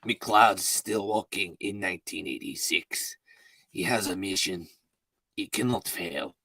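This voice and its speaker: A brooding, solemn voice that drags each word out slowly and low, as a man puts it on. It has weight and gravity without shouting. The sound is dry and close. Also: steady tone, gravelly, no echo, far from the mic, full character voice, poor audio. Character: brooding, grave male narrator, solemn.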